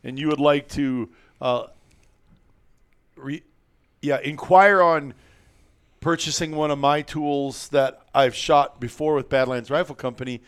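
A man's voice: a little high, fairly even intonation, measured pace, long pauses, clear, resonant tone. A man hosting a podcast in casual chat, rambling and chuckling, often restarting his sentences. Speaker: podcast host.

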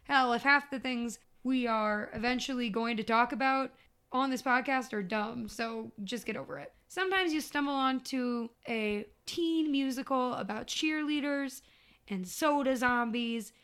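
A woman in her thirties hosts a podcast, opening the show and chatting in an animated, expressive way. Her voice is smooth and clear and sits a little high. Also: measured pace. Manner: animated, expressive, grossed-out reactions. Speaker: podcast host. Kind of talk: casual chat and show intro.

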